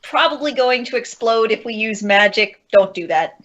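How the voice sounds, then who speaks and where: A woman's voice: on the high side, animated, normal speed, a bit bright, highs cut off. A woman playing a tabletop game, talking in a dry, matter-of-fact way. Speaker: player. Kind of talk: tabletop role-play.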